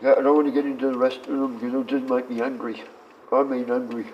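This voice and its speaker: A man who sounds sick, rambling and swearing on a live stream, his voice often sinking low and quiet. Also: level tone, fast, a little hiss or hum. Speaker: livestreamer. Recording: dull lo-fi stream audio.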